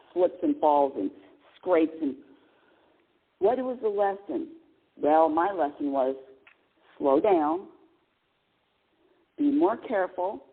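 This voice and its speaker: A woman in her sixties hosting a radio show, telling a personal story in an animated, chatty way with laughs and exclamations. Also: low-pitched, husky. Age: 60s. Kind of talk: casual spiritual talk radio monologue. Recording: tinny phone-line sound.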